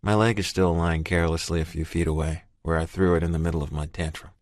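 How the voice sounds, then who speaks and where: A man narrating a first-person romance audiobook in a steady, measured way. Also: low-pitched, dry recording, clean studio sound.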